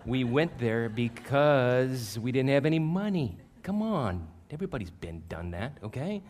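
A man in his fifties, a pastor, preaching a sermon through animated, self-deprecating personal stories that get loud at the punchlines. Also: mid-range voice, unhurried. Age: 50s.

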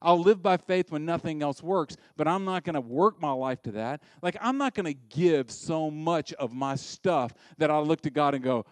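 A middle-aged American pastor preaching a sermon in a lively, conversational way and acting out voices. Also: male voice, fairly high pitch, normal speed, few pauses, no room sound. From United States.

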